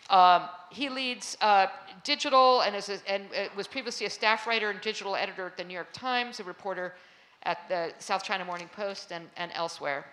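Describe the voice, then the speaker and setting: A woman hosts a conference panel, her voice crisp and bright at a mid pitch. She talks in a chatty way, full of ums and restarts, as she introduces the guests to a live audience in a hall. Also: fairly quick. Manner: chatty, filler-heavy introductions. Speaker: panel moderator.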